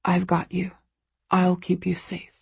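A man's voice: sits high, little pitch movement, unhurried, vocal fry, slightly rough, no echo, full character voice. A woman murmuring as a tender young husband. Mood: soothing. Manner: soft, murmuring, gentle.

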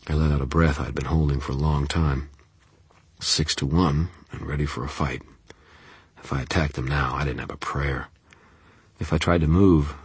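A man narrates an audiobook in the first person, keeping a tense, steady pull through the story. His voice is extremely deep and husky. It is recorded on a close studio mic with a completely dry sound. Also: no echo.

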